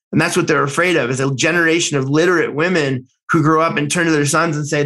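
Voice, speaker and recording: Bright-voiced American veteran telling war stories. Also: male voice, fairly high pitch, fast, hardly any pauses, rough recording. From United States. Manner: animated, excited storytelling with many restarts and fillers; blunt, swears casually. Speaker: military veteran. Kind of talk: personal war story told conversationally.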